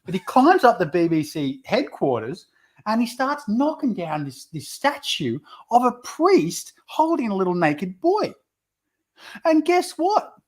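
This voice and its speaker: A man ranting with a lively swinging pitch. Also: unhurried. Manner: heated, ranting, swears often. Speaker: podcast co-host. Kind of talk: casual chat over a beer.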